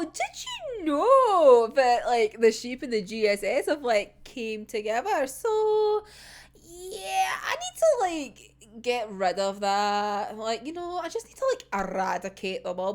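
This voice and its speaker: A woman's voice: high-pitched, sing-song, slow pace, heavily acted. A woman voicing a smug, teasing teenage boy in casual mocking tones.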